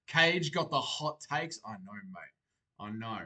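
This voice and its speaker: Bright-voiced male streamer chatting casually. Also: medium pitch, a little slow. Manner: relaxed, chatty, reads viewer comments aloud and answers them. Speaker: livestream host. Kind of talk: casual chat reacting to live chat.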